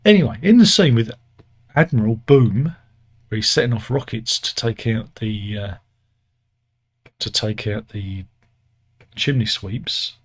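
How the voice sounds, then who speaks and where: In a lowish voice with lively intonation, a British man rambles through a sardonic, casual satirical news monologue. He frequently corrects himself and leans on pauses and filler words.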